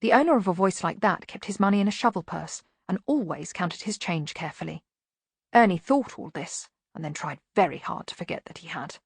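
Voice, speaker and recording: A woman's voice: fairly low pitch, lively intonation, fairly quick, slightly rough, dry recording. Woman reading an audiobook. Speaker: audiobook narrator. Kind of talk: scripted narration.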